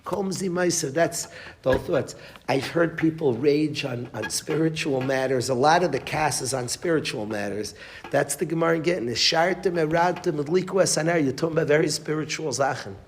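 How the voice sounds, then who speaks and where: Rabbi, male, teaching a Torah class. Emphatic, repeats phrases, slightly high voice, faint background hiss. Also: brisk. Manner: emphatic, repeats phrases, restarts mid-sentence. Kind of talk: Torah class with Yiddish and Hebrew terms.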